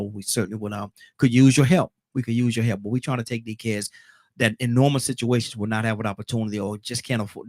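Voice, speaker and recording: A man's voice: fairly low pitch, darkish tone, no room sound. A man hosting a live call-in talk show, chatty and joking with callers.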